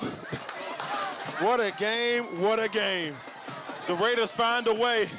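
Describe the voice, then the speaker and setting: A male play-by-play announcer calling a football game live, shouting with excitement, winded and casual. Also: sits high, measured pace. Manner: excited shouting calls, folksy "y'all". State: out of breath. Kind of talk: live sports commentary. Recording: noisy outdoor stadium broadcast. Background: crowd and stadium noise.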